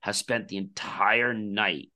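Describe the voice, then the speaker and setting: Male podcast guest, deep bright voice, animated storyteller who plays out the back-and-forth in his anecdotes. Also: slow. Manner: animated storyteller acting out quoted dialogue. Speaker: podcast guest, company founder.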